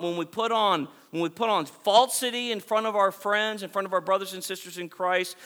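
A man's voice: high voice, sharp tone. A man preaching a sermon to his congregation, emphatic and repetitive, building points through repeated phrases. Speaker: pastor.

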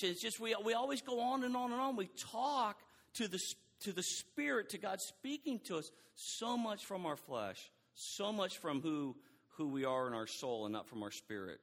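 A middle-aged man preaching a sermon in an animated way, acting out quoted dialogue and often restarting his sentences. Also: high-pitched, normal speed, few pauses, in a large hall.

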